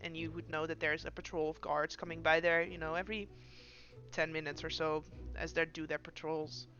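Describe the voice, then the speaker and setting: A woman's voice: low voice, little pitch movement, fairly quick, fairly bright tone, highs cut off. Woman running a tabletop game. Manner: casual, playful narration with fillers. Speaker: game master.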